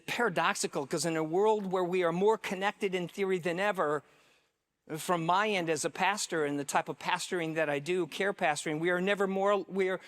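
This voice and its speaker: A care pastor gives a welcome talk and tells a story into a handheld microphone, halting with fillers and restarts. His voice is high and a bit bright.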